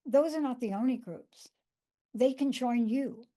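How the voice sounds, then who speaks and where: A woman's voice: sits high, measured pace, dark tone. A woman hosting a podcast, telling stories in a chatty, emphatic way and repeating words for stress. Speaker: podcast host. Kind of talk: casual podcast conversation.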